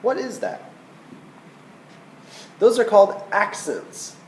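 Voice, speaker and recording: A man's voice: high-pitched, big pitch swings, takes it slowly, reverberant, a little hiss or hum, rough recording. A man teaching a recorded flute lesson, patient and checking in with "okay?" as he explains. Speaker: band teacher.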